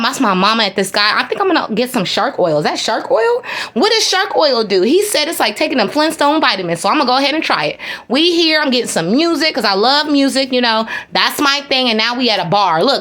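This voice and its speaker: A woman's voice: on the high side, bright, forceful tone. A woman from the United States narrating a casual travel vlog, chatty and playful, with slangy asides to her viewers. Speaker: travel vlogger.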